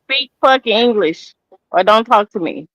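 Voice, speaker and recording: A woman co-hosts a livestream in a slightly high voice, dry and close to the mic. She is blunt and confrontational, swearing heavily as she presses people. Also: lively intonation, moderate pace, fairly bright tone, no room sound, poor audio. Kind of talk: casual livestream chat.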